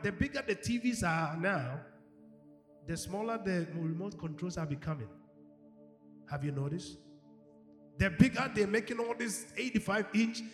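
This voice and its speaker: A male pastor preaching a sermon, animated, acting out quoted voices and swinging from shouts to hushed tones. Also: very high voice. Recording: echoey hall with music behind.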